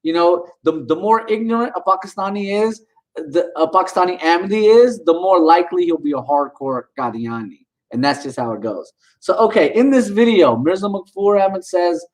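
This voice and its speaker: A man's voice: high-pitched, normal speed, low-quality recording. A man vlogging, ranting indignantly and talking straight to his viewers in a casual way. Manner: indignant, animated, talks to viewers directly.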